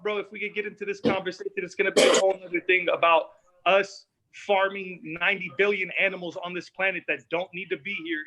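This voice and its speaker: Ranting, profane man with a bright voice. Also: high voice, highs cut off. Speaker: podcast guest, battle rapper. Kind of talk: casual podcast chat.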